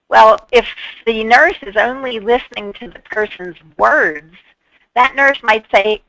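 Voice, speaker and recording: A woman's voice: medium pitch, lively intonation, measured pace, fairly bright tone, no echo, low-quality recording. A woman presenting an instructional webinar on patient care, explaining through worked examples and briefly acting out what people might say.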